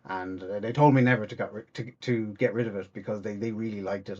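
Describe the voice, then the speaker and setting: A man's voice: fairly low pitch, steady tone, fast, highs cut off. A man with an Irish accent, a comedian telling stories in a casual interview, rambling with lots of restarts. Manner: rambling, many restarts and fillers. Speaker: comedian guest.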